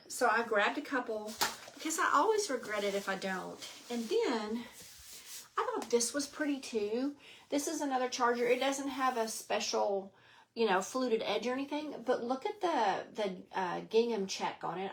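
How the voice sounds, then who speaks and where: A woman's voice: on the high side, animated, normal speed, slight background noise. A middle-aged woman hosting a live craft stream from home, chatty and rambling, slightly out of breath. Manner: chatty, rambling, greets viewers by name. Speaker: craft show host.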